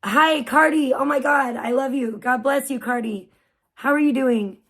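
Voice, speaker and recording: A young woman hosting a casual livestream, her voice pitched high and a little worn from a sore throat. She talks in an excitable, loose way and swears freely. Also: moderate pace. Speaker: livestream host.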